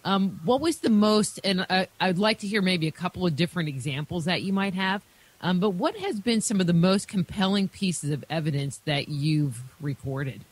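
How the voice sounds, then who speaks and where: A woman's voice: lowish voice, lively intonation, normal speed, breathy edge, dry recording. A woman hosting a radio show, asking rambling, chatty questions of her guest. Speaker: radio host. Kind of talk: interview questions.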